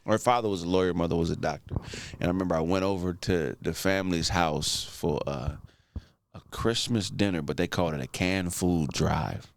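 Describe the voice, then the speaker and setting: A man's voice: sits low, moderate pace, no room sound. A man in his thirties hosting a podcast, telling loose, profane stories in casual chat. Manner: loose storyteller, swears, voices his own past lines. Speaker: podcast host.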